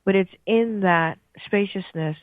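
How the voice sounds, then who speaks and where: A woman radio host slowly guiding listeners through a breathing meditation in a soothing, gentle way. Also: mid-range voice, no room sound. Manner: slow, soothing, gentle guidance. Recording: tinny phone-like line.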